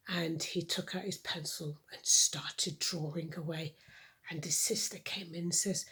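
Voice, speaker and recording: Breathy hushed woman telling a kids' story. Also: lowish voice, steady tone, takes it slowly. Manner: hushed, often whispering. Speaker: children's storyteller. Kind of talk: reading a story to kids.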